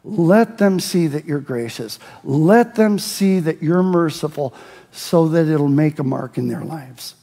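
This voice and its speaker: Pastor, male, high tenor voice, sermon with passionate shouted verses, long church reverb. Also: measured pace, creaky. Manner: preaching, rising to shouts on scripture. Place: church sanctuary.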